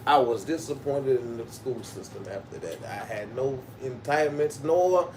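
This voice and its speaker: A man telling profane school stories on a livestream, swearing freely and breaking into loud laughter. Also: medium pitch, moderate pace. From Baltimore, Maryland. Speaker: livestream host. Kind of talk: profane storytelling monologue. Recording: distant mic with background noise.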